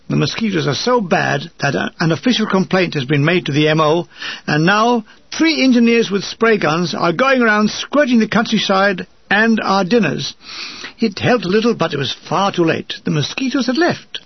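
Man, memoir reading, wry deadpan humor, high voice, dull lo-fi sound. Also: moderate pace, breathy edge, no room sound. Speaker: narrator reading a war memoir. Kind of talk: first-person memoir reading. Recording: dull lo-fi recording.

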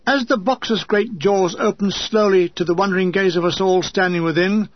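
A man reads his own war memoir aloud, lyrical one moment and wry the next, with comic asides. His voice sits high. The recording is dull and dry, with no room sound. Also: fairly even intonation, moderate pace, no room sound. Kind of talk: audiobook reading with comic asides.

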